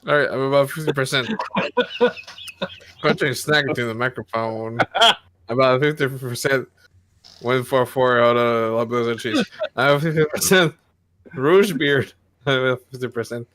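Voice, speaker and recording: A man's voice: mid-range voice, moderate pace, long pauses, fairly bright tone. A man playing a party card game with friends, reading his cards in a playful way. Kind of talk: casual chat while playing.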